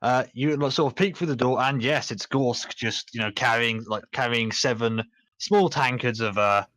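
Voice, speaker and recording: A man's voice: mid-range voice, moderate pace, fairly bright tone, no echo. A man acting as game master, narrating a tabletop game in a loose, rambling way.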